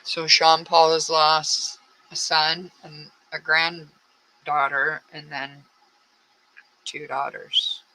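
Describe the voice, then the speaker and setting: Blunt, sharp-voiced woman on true crime. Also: deep voice, little pitch movement, very slow, a little hiss or hum, low-quality recording. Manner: rambling, blunt, frustrated asides. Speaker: true crime channel host. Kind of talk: casual true-crime commentary.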